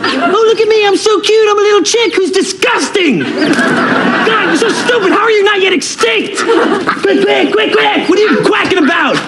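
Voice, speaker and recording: A man's voice: extremely high pitch, moderate pace, heavy background noise. An actor voicing a hostile male cartoon creature who screeches mocking insults. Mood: mocking, shrieking.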